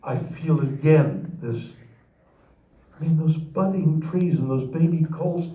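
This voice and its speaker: A man in his nineties telling a rambling, halting story as a guest speaker at a convention, recorded from the crowd. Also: on the high side, lively intonation, mellow, a little hiss or hum. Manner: rambling, halting, with emotional pauses. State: near tears while telling the story. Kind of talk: storytelling and audience Q&A. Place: large convention hall. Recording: echoey hall from far off, audience recording.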